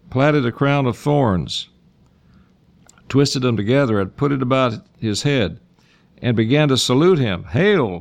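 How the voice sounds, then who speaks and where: A male preacher delivers an expository sermon in a mid-pitched voice, moving between scripture reading and homespun asides. When he wants a point to land, he slows his delivery and lifts his pitch for emphasis.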